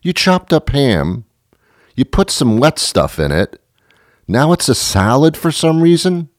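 A man's voice: medium pitch, sing-song, unhurried, no room sound, studio quality. A man hosting a podcast, delivering a rambling, sarcastic comedic monologue full of self-mocking apologies. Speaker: podcast host.

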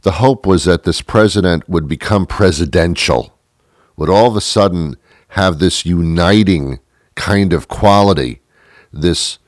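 A man's voice: deep voice, unhurried, no echo, clean studio sound. A man hosting a talk show, delivering a sardonic, self-mocking comedic monologue.

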